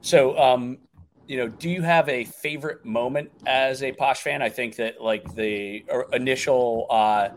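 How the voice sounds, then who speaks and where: A man hosting a podcast, asking questions in a relaxed, hesitant way with a few fillers. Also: mid-range voice, a little slow, a little hiss or hum. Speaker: podcast host. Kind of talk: casual podcast interview.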